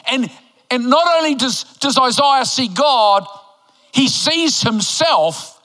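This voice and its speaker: A man in his sixties from New Zealand, preaching a sermon in a church auditorium with emphatic, animated delivery and joking asides. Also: extremely high pitch, slow pace. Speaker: pastor. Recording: echoey hall reverb.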